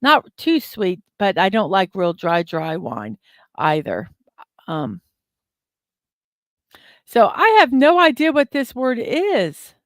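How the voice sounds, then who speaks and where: Speaking slowly and pausing often, this morning livestream host has a mid-range voice with huge pitch swings. She chats casually while working through a word puzzle, reads viewers' comments out, and fills gaps with ums and uhs; her desk mic gives clean studio sound with no echo.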